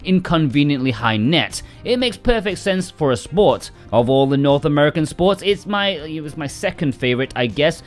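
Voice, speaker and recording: A man's voice: fairly high pitch, animated, moderate pace, hardly any pauses, soft background music. A man hosting a game release roundup in casual scripted commentary, full of sarcastic joking asides. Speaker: game release news host.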